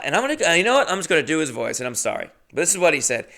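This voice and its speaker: Man, casual rambling story, swears a lot, gravelly voice, smooth and resonant. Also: medium pitch, very animated, racing, few pauses, sharp tone. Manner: profane, rambling and jokey. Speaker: podcast host telling a story.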